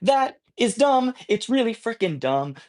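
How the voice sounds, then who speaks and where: A man's voice: very high-pitched, very animated, measured pace, darkish tone, poor audio. A man chatting casually on a livestream from his home, rambling playfully with many restarts. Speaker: streamer. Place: home with cats.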